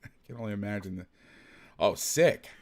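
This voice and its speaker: A man's voice: fairly low pitch, normal speed, darkish tone. A man hosting a casual football film breakdown, rambling, self-deprecating and swearing freely. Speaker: host, football film analyst.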